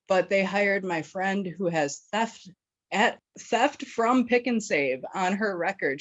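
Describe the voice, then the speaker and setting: A woman's voice: deep voice, no echo. A woman from Wisconsin telling a story as a podcast guest, casual and rambling, swearing and laughing as she goes. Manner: profane, rambling, laughs often, filler-heavy. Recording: dull, dry lo-fi recording.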